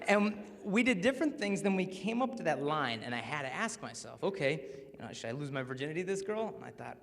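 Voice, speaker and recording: A man in his twenties giving a joking, animated chastity talk to high school students and acting out quotes. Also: brisk. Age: 20s. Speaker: chastity speaker. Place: large hall with a live audience. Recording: reverberant hall with faint ambience.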